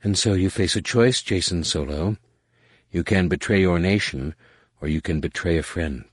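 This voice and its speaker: A man voicing a calm, sad female alien mentor who speaks slowly and probingly. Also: sits low, no echo, clean studio sound. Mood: calm, sorrowful. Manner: slow, sorrowful, quietly probing.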